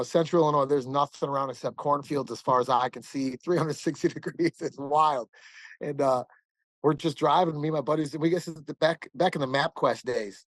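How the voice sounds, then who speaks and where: A man's voice: medium pitch, no room sound, rough recording. A man in his forties from the American Midwest, a podcast guest telling a long story in a rambling, casual way, often laughing and saying "man". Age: 40s.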